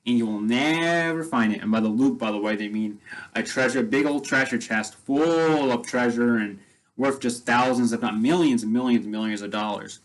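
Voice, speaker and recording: A man's voice: medium pitch, moderate pace, low-quality recording. A man casually retelling a film story as a vlogger, rambling with many restarts and fillers.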